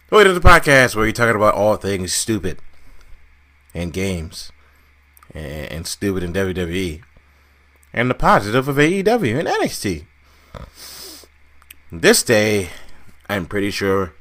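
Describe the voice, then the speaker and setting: A man's voice: low-pitched, fairly bright tone. A man hosting a casual podcast, joking around with mock-dramatic complaints. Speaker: podcast host.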